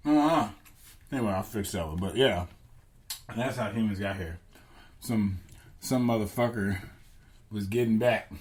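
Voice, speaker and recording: A man's voice: fairly low pitch, unhurried, long pauses. A man hosting a podcast, rambling through a comic theory, often stopping to correct himself. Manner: meandering, self-correcting, profane. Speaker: podcast host. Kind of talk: rambling comedic podcast chat.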